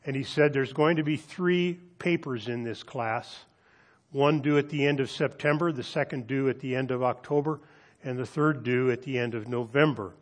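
A pastor delivering a sermon. He reads scripture slowly and deliberately, then tells a story with animated emphasis. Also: mid-range voice. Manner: measured, deliberate reading with dramatic pauses; animated storytelling, lifting his voice for quoted students.

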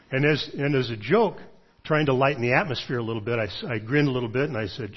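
A middle-aged man, a pastor, preaching a sermon in a measured storytelling way, pausing often with fillers. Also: mid-range voice, slightly rough. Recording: dull lo-fi sermon recording.

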